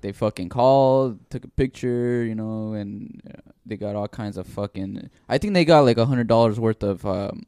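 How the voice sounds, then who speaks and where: Mellow young man in casual chat. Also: lowish voice, clean tone, no echo, studio quality. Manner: relaxed, profane, quick back-and-forth. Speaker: podcast co-host.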